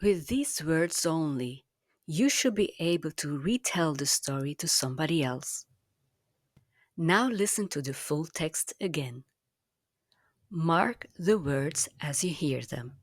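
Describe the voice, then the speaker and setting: Slow, low-voiced woman teaching. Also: lively intonation, no room sound, clean studio sound. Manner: slow, careful, clearly enunciated teaching delivery. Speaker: language teacher. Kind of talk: scripted language lesson narration.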